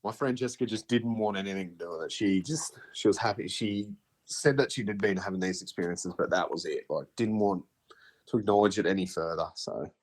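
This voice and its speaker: A man in his thirties with an Australian accent, telling a ghost story as a podcast guest in a halting, hesitant way with many fillers. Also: deep voice, breathy edge. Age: 30s. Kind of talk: casual storytelling.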